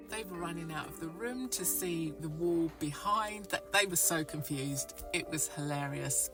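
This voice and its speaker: Wry woman in her fifties narrating. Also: low voice. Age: 50s. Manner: frank, wry storytelling with bursts of enthusiasm. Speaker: vlogger. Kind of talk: voice-over narration. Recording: somewhat distant voice over clear music.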